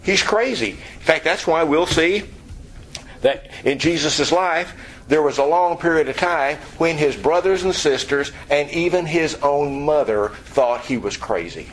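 A man's voice: on the high side, measured pace, slight background noise, poor audio. A man preaching a sermon, emphatic and direct, often asking his listeners rhetorical questions.

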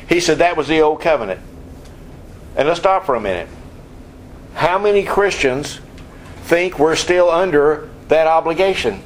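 Guy preaching a sermon, kinda high voice, punchy and chatty, lots of rhetorical questions, faint room noise. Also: rough recording. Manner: emphatic, rhetorical questions, conversational asides.

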